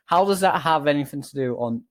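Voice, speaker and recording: A man's voice: a little high, expressive, brisk. Exasperated male reaction host. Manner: exasperated, incredulous rebuttals. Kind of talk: reaction commentary.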